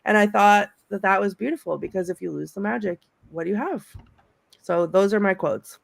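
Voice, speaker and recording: A woman co-hosting a casual film chat over a video call, lively and laughing as she acts out favorite quotes. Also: medium pitch, a little fast, gravelly, no room sound. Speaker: podcast co-host.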